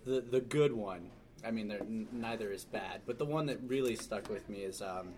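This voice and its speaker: A man's voice: on the low side, moderate pace, slight background noise. A man telling stories in a casual chat, acting out what people said. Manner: animated storyteller, mimics quoted people.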